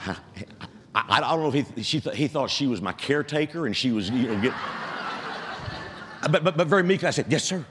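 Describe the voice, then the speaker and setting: A man's voice: mid-range voice, lively intonation, brisk, long pauses, crowd noise. Casting note: retired pastor in his seventies, self-deprecating storyteller, church hall reverb. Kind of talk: sermon with a humorous story. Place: church sanctuary.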